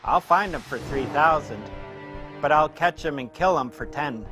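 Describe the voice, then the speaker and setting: A man playing a gruff, mercenary male shark hunter in an amateur scene reenactment, reading his lines flatly as if off a card. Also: on the high side, moderate pace, over music, natural voice. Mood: gruff boasting.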